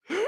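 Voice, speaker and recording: A man hosting a boxing livestream, loud and joking, switching between languages while reading super chats. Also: no echo, studio quality. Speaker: boxing show host.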